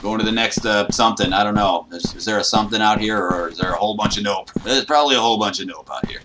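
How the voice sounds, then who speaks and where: A man playing a horror game and commenting as he goes, joking and boasting, with trash talk and sudden yelps and shouts. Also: on the low side, fast, background noise. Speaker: gaming YouTuber.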